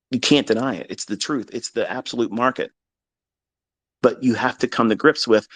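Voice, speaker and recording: A man's voice: lowish voice, gravelly, no echo. A middle-aged man, a trading mentor, talking in a blunt, profane and passionate way during a live audio chat. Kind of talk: unscripted live audio talk.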